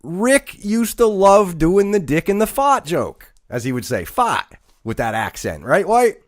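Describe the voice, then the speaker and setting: A man's voice: high voice, very animated, unhurried, dry recording, studio quality. A man co-hosting a wrestling podcast, ranting mockingly and calling out a critic by name. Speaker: podcast co-host. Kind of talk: casual podcast rant.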